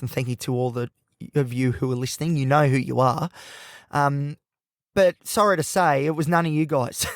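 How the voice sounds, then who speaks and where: A man's voice: a little high, no room sound, studio quality. A man hosting a podcast, speaking in a rambling, emotional, personal monologue, often breaking off and restarting his sentences. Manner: rambling, emotional, self-interrupting. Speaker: podcast host.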